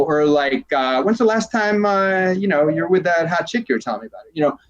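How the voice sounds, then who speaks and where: A man, a transformational coach, talking casually in an interview, rambling and animated as he acts out little quoted exchanges. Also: mid-range voice, highs cut off.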